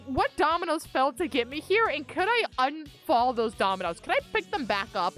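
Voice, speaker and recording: Animated, swearing woman streamer telling a story. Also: high voice, normal speed, hardly any pauses, soft background music. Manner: animated, profane, excitable. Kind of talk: casual storytelling while gaming.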